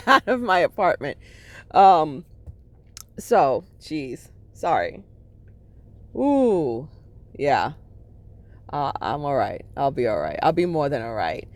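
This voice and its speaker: A woman's voice: low-pitched, big pitch swings, slow pace, long pauses, no echo. A middle-aged woman talking candidly in a rambling vlog, checking in with her listeners as she goes. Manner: emotional, swings between laughter and sadness. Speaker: spiritual vlogger. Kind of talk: casual personal vlog monologue.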